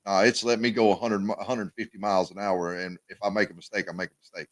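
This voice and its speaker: Animated man talking football. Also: low voice, fast, dry recording. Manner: animated, repeats words, lively emphasis. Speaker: sports talk show co-host. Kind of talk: casual sports talk.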